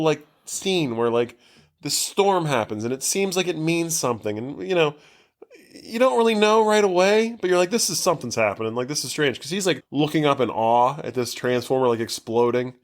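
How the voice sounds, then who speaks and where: A man co-hosting a podcast, casually recapping a movie plot in a rambling way, swearing freely and saying "like" constantly. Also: on the high side. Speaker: podcast co-host.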